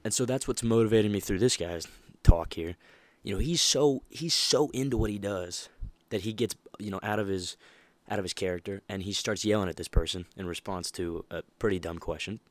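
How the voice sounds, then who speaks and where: Young male podcast host, low voice, animated motivational monologue, dry close recording. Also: a little fast, hardly any pauses, dry recording. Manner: animated, emphatic, laughs often.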